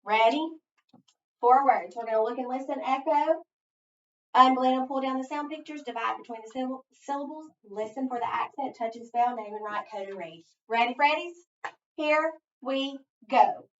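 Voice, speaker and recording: Patient teacher spelling aloud in echoey room. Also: female voice, high-pitched, normal speed, a little hiss or hum. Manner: patient, step-by-step, sounding out letters one by one. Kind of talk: phonics spelling lesson. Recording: echoey room, far from mic, dull lo-fi.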